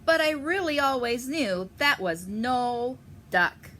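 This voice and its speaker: A woman's voice: sits high, expressive, slow, sharp tone, slight background noise, pitched above the performer's own voice, full character voice. Woman doing a stern mother duck. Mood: firm. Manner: firm, questioning.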